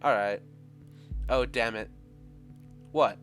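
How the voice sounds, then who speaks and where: A man's voice: mid-range voice, moderate pace, a bit bright, faint music behind. A man commenting as he plays a game, musing aloud and joking with many restarts. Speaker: gamer. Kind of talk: let's play commentary.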